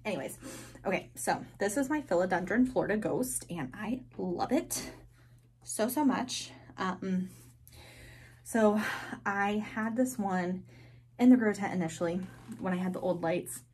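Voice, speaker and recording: A woman giving a casual, chatty tour of her houseplants, gushing and excited, full of filler words. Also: medium pitch, slightly rough. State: a bit out of breath. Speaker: plant vlogger. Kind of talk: casual plant tour vlog. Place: indoors at a grow tent.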